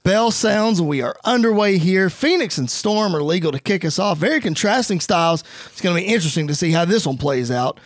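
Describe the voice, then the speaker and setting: A man giving energetic, excitable play-by-play commentary and narration for a wrestling game story. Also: high-pitched, fairly quick, few pauses.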